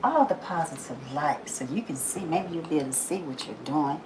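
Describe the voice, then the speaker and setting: A woman hosting a daily positive-message video, talking casually, laughing often and repeating phrases for emphasis, then softening into slow prayer. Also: low voice, lively intonation, noisy background. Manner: drops to a soft, slow prayerful tone. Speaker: YouTube host giving a daily positive message. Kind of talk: casual inspirational monologue.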